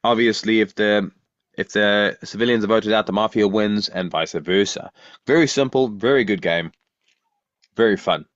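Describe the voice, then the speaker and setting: A man's voice: on the low side, normal speed, fairly bright tone, dry recording, muffled recording. A man co-hosting a podcast in casual chat, rambling and asking lots of questions. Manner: rambling, restarts often, asks questions. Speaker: podcast co-host.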